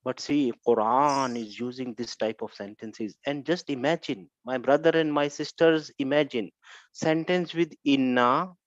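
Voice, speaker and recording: A man's voice: mid-range voice, measured pace, no room sound, lo-fi sound. A man teaching an Arabic grammar class, explaining earnestly and repeating points.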